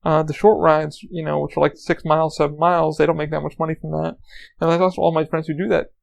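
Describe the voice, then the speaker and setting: A man's voice: a little high, level tone, fast talker, gravelly. A man hosting a podcast, telling rambling, profane anecdotes in a casual monologue. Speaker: podcast host.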